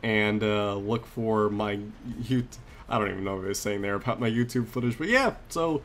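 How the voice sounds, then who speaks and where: Excitable man narrating gameplay. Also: on the low side, moderate pace. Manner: excited, rambling with fillers. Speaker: gaming commentator. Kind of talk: casual gameplay commentary.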